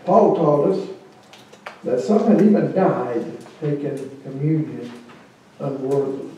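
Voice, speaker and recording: A man's voice: fairly high pitch, takes it slowly, dark tone, dull audio, slight background noise. A man preaching as a pastor, earnestly inviting his congregation to come forward and pray before communion. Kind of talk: sermon and communion liturgy. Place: church sanctuary. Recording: echoey church from a distant mic.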